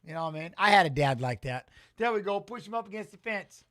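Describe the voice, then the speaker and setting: A high-pitched, energetic middle-aged man calls a fight live for his stream, rambling and answering his chat as he goes. His voice is close and dry, with no room sound. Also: fast talker, no room sound. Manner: excitable, rambling, talks back to chat. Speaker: watch-along streamer and fight commentator. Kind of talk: live-stream watch-along commentary.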